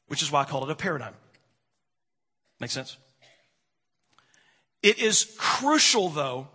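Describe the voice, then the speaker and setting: A male pastor preaching with a bright, husky, fairly high voice that rises and falls widely. He leans into dramatic pauses and swings between strong emphasis and quiet asides. The sound rings out with the long reverb of a large hall. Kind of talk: sermon.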